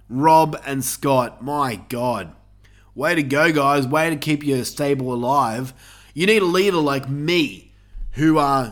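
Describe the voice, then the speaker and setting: A man's voice: medium pitch, fairly bright tone. A man hosting a casual podcast, gloating and bragging in a swaggering wrestling-promo manner, with swearing. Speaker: podcast host.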